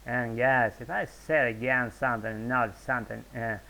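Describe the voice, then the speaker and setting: Man, Russian accent, video blogger, off-the-cuff monologue, rambling, hesitant, lots of fillers, casual swearing, mid-pitched voice. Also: fairly even intonation, normal speed, vocal fry, pushed and bright, poor audio.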